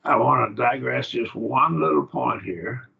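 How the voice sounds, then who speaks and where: A man teaching a Bible Greek grammar class over a video call, explaining slowly and asking his students questions. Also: mid-range voice, gravelly. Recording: dull lo-fi call audio.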